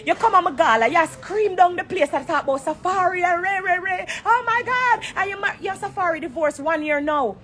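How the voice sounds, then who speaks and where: A woman's voice: very high-pitched, a little fast, few pauses, fairly bright tone, slight background noise. A woman with a Jamaican accent in a heated, blunt live-stream rant from an airport corner, talking into her phone. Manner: confrontational, blunt, profane. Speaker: dancehall artist on a live stream.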